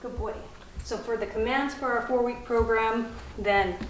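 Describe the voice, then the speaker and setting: A woman dog trainer explaining puppy commands in a calm teaching manner, softly praising the puppy between steps. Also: fairly high pitch, normal speed. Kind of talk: instructional demonstration. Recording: echoey room, faint noise.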